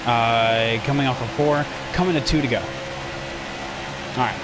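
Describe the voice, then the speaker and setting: A man's voice: mid-range voice, slow pace, noisy background. A young man commenting on a racing game replay for his stream, rambling and self-deprecating as he talks to his chat. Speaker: gaming streamer.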